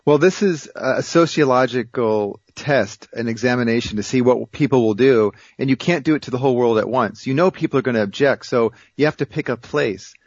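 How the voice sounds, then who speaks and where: A man's voice: medium pitch, brisk, few pauses, dry recording. Emphatic male guest, dry lo-fi sound. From United States. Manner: emphatic, insistent. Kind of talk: talk show interview. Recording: dry muffled lo-fi audio.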